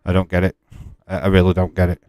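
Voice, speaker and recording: A man's voice: low voice, monotone, quick pace, warm tone, no room sound. A man hosting a live stream, chatting casually with his viewers and arguing with them in an exasperated way, laughing often.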